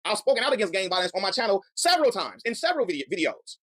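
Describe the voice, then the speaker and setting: Guy ranting fast on his commentary stream, earnest, dry close sound. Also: high-pitched, sing-song, fairly bright tone, dry recording. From Chicago. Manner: heated, earnest, repeats words as he builds a point. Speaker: commentary channel host. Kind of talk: reaction commentary.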